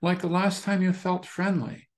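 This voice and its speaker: A man teaching meditation in a relaxed, conversational way, repeating phrases and restarting as he searches for words. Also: high voice, normal speed. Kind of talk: dharma talk.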